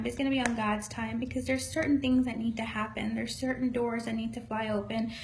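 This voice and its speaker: A woman's voice: a little high, slight background noise, low-quality recording. A woman psychic medium giving a casual live-streamed spiritual reading, speaking in an earnest, encouraging and folksy way. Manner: earnest, encouraging, folksy, calls listeners honey.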